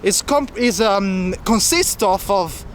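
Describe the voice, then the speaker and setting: A man's voice: sits high, slow pace, slight background noise. A man walking city streets as a travel vlogger, chatting and explaining local facts to the camera. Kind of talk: walking travel vlog narration.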